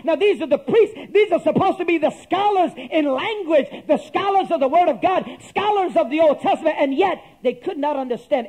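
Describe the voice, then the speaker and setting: High-voiced impassioned male pastor preaching. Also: normal speed, few pauses, darkish tone. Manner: impassioned, calls for amen from the congregation. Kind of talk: sermon.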